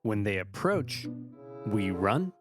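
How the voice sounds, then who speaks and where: Male VO as a scheming army commander, conspiratorial deadpan, music bed. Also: on the low side, slow, voice pushed down. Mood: smug.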